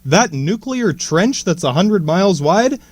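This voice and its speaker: A man with a high voice talks his way through a loose, profane monologue for his podcast, stumbling over false starts and slang. The sound is dry and close, with no room around it. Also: expressive, unhurried, a little mellow, dry recording. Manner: profane, stammering restarts, slangy. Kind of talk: casual rambling monologue.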